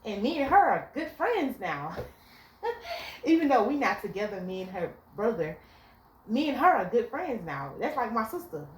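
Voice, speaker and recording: A woman's voice: on the high side, moderate pace, slight background noise. A young woman giving blunt relationship advice in a casual vlog, telling stories animatedly and cursing freely. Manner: blunt, animated storytelling with profanity. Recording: echoey room with faint ambience.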